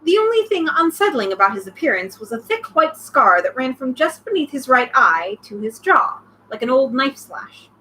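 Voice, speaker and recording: Young woman, high lively voice, reads a novel aloud and cuts in with eager asides; faint ambience under her. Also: normal speed, hardly any pauses, slight background noise, low-quality recording. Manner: excited outbursts between read passages. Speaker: reader, channel host. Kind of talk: reading a novel aloud with commentary.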